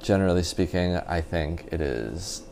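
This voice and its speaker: Deep, mellow young man rambling. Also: animated, moderate pace, vocal fry, slight background noise. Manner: rambling, peppered with "like", laughing easily. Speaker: podcast guest. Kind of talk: casual storytelling chat.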